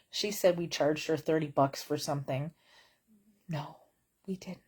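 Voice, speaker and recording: A woman's voice: fairly low pitch, animated, moderate pace, a little mellow, husky. A woman vlogging from bed at home in casual chat, wry and blunt, rambling with lots of fillers.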